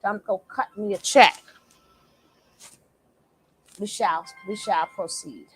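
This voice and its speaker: A woman hosting a reaction channel, talking loudly and animatedly in casual commentary, laughing and repeating her phrases. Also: mid-range voice, takes it slowly, a little hiss or hum.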